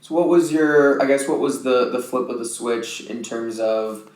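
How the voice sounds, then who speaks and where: A man hosts a podcast with a mid-range voice, asking questions in a relaxed, supportive way. He affirms what his guest says often. His voice sounds roomy and echoey. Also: mid-range voice, normal speed. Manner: supportive, affirming listener with frequent backchannels. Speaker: podcast host. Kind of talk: casual interview chat. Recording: roomy echo.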